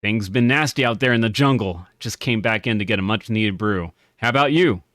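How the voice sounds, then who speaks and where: A man's voice: fairly low pitch, a little fast, fairly bright tone, no room sound, close to an everyday voice. A man doing a tired jungle adventurer, casual and worn out, in a near-normal voice with a dry, close sound. A fantasy game tavern patron. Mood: weary. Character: weary male jungle adventurer at a bar.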